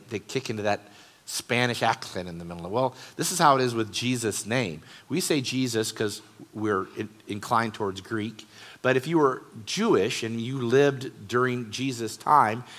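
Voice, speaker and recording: Guy pastor preaching in church, bright voice, casual but punches key words. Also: mid-range voice. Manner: conversational, rising to emphatic stresses. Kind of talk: sermon.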